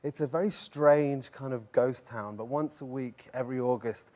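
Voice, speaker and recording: A man's voice: medium pitch, moderate pace, darkish tone. A man with a Welsh accent, a guest on a talk show, chatting casually, laughing easily and often restarting his words. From Wales. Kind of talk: casual chat.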